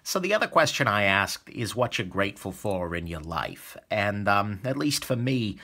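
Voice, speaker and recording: A man's voice: on the low side, sing-song, normal speed, creaky, bright, forceful tone. A young adult man hosting his own channel, talking casually and enthusiastically to viewers with jokey asides. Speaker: knife reviewer and channel host. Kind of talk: casual video talk to viewers.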